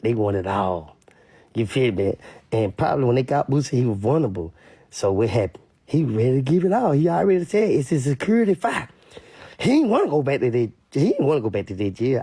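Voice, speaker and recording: Delivering casual street commentary, a man rants in a gravelly, husky voice whose pitch swings widely, repeating himself for emphasis and mimicking others in high voices. The animated recording is dry and close, with no room sound.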